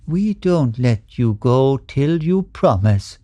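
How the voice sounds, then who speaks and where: A man's voice: medium pitch, lively intonation, takes it slowly, mellow. A man voicing a fussing, motherly landlady who coaxes and scolds. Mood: coaxing.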